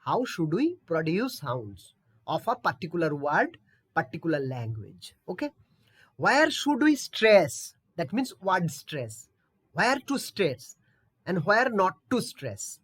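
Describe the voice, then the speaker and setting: Slow, lively woman teaching pronunciation. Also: fairly low pitch, slightly rough. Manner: patient, repetitive, checks in with "okay?". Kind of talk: online pronunciation lesson.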